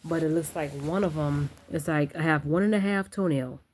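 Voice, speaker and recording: Chatty low-voiced woman vlogging at home. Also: normal speed, darkish tone. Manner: chatty, rambling, talks to viewers directly. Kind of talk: casual chat to camera.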